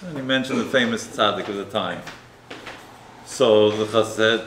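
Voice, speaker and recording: A man's voice: lowish voice, brisk, fairly bright tone. A man, a rabbi, preaching and telling a story in a conversational way, often ending points with a tag question. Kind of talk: sermon with storytelling. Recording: roomy echo, faint noise.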